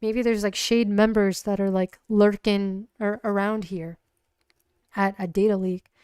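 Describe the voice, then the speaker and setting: A woman narrating her solo tabletop role-playing game on a livestream, halting with many restarts. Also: medium pitch, fairly even intonation, a little mellow, smooth, dry recording, clean studio sound.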